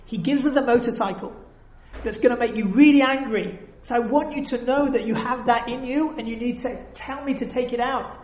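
A woman's voice: fairly high pitch, brisk, darkish tone. A woman leading a religious study discussion, talking emphatically and acting out heartfelt prayers. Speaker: religious teacher. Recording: echoey room.

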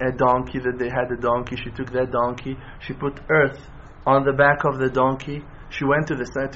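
A man giving a sermon in full of terms, telling stories in a low voice and then rising into loud, passionate exhortation. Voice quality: non-native English with Hebrew terms. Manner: impassioned, swings from hushed storytelling to loud rising exhortation. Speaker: rabbi. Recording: dull lo-fi recording with faint noise.

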